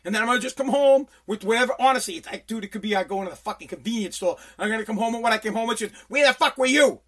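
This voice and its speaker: A man's voice: high voice, very fast, a bit bright. A man hosting a solo podcast, ranting in an angry, profane way with lots of stumbling restarts. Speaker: podcast host.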